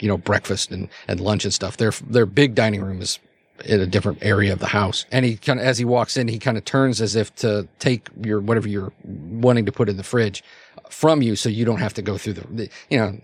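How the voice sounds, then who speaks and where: A man's voice: on the low side, slightly rough, no room sound. Guy running a tabletop game, um-ing and restarting a lot, dry close sound. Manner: rambling, many fillers and restarts. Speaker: game master. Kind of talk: narrating a tabletop role-playing game.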